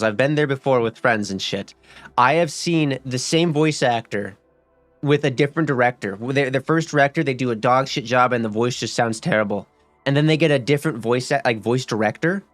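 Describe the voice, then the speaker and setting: A man's voice: mid-range voice, fairly quick, no room sound. A young man talks his way through a game in loose, rambling commentary, cursing freely and tripping over his own restarts. His voice sits in a middle register and sounds close and dry, with faint music playing underneath. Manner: rambling and profane, with many fillers and restarts. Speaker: gaming streamer. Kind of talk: casual gaming commentary.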